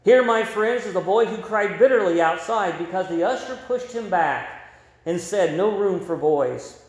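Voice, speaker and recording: Guy putting on a big gentle old preacher man, high and soft, echoey room. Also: expressive, normal speed. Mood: proud. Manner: gentle, warm, reassuring. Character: portly kindly older male preacher. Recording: roomy echo.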